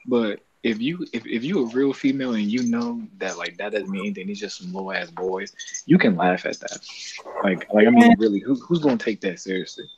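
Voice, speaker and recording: A man's voice: fairly low pitch, fairly quick, darkish tone. A man co-hosting a podcast, laid-back, joking and slangy in casual chat. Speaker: podcast co-host. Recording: muffled with faint noise.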